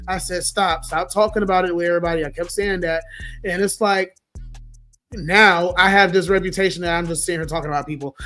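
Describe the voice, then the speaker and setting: A hoarse man, losing his voice, venting bluntly and profanely in a casual livestream rant. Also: sits high, fairly bright tone. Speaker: livestream host.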